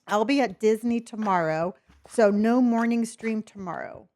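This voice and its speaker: An unhurried woman with a fairly high, somewhat mellow voice chats casually on a live stream. Her Californian accent is neutral but touched by a faint Southern lilt, and she's friendly with both her chat and her pets.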